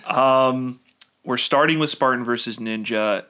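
A man's voice: mid-range voice, unhurried, sharp tone. A young man hosting a casual podcast chat, joking, laughing often, talking in a loose, rambling way. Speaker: podcast host.

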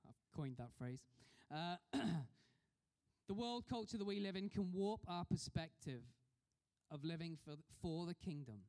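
Male preacher, fairly high voice, chatty sermon with questions to the room, long hall echo. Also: lively intonation, a little slow, a little mellow. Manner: conversational, asks the congregation questions.

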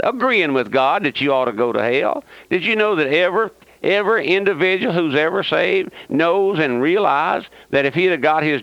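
A man delivering a fervent radio sermon in a fairly high voice, repeating phrases and hammering listeners with rhetorical questions. His folksy, sarcastic address comes through a dry, muffled lo-fi radio recording with no room sound. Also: creaky, fairly bright tone, no room sound. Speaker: radio preacher.

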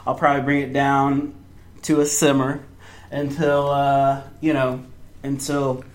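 A young man telling an excited story on a podcast, acting out quotes in a higher voice. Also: unhurried. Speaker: fan event organizer. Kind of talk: casual podcast chat.

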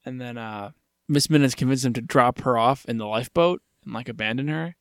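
A man of middle pitch co-hosts a podcast and retells a TV episode in easy, casual talk. He tosses in dry jokes and reads characters' lines in passing. The recording is dry and close. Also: brisk, smooth, no echo. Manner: wry, jokey interjections, retells scenes with quoted voices. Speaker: podcast co-host. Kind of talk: casual chat recapping a TV episode.

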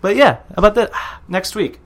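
A man co-hosting a podcast, chatting casually, swearing a lot and acting out quotes in loud shouted voices. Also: sits high, expressive, moderate pace, background noise. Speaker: podcast co-host. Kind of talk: casual chat.

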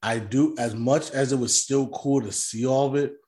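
A man co-hosting a casual movie discussion, speaking in a measured, hesitant way, often restarting his phrases. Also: medium pitch, fairly even intonation, darkish tone. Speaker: podcast co-host.

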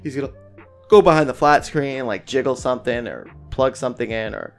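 A man's voice: medium pitch, brisk, creaky, faint music behind. A young man co-hosting a podcast, telling a family story in casual chat, swearing often and acting out what others said. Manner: animated, swears a lot, acts out family quotes. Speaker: podcast co-host.

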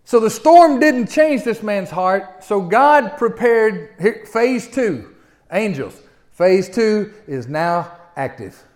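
A middle-aged man preaching a sermon. He speaks in a folksy, animated way and often turns to address the listeners directly. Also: sits high, slow pace.

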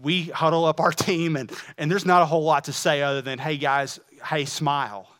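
A man, a pastor, preaching a sermon with many rhetorical questions, swinging from loud emphasis to hushed asides. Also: a little high, steady tone, normal speed.

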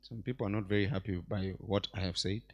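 A man preaching a sermon in church as bishop, swinging between loud exclamations and quiet asides. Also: lowish voice, fast, lo-fi sound. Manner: animated preacher, mixes shouts with quiet asides.

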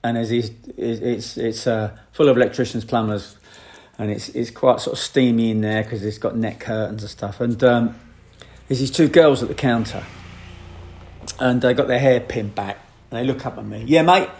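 A man, a photographer, telling a rambling, animated anecdote with frequent laughs. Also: mid-range voice, moderate pace. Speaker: photographer guest. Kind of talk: anecdote in casual chat.

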